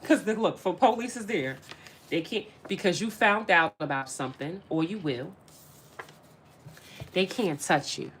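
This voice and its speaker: A woman does a casual spiritual tarot reading, speaking directly and emphatically to viewers and repeating phrases. Her voice is fairly low and a little slow, with long pauses and slight background noise.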